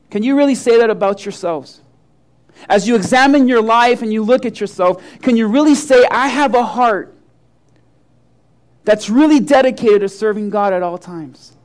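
High-voiced preaching man. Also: a little mellow. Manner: storytelling preacher, acting out voices. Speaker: pastor. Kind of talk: sermon.

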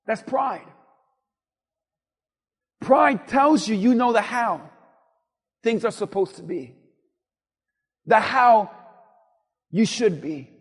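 High-voiced preacher in a reverberant hall. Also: male voice, lively intonation, slow pace, pauses often, breathy edge. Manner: emphatic, repetitive preaching cadence, rising to near-shouts. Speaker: pastor. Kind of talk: sermon.

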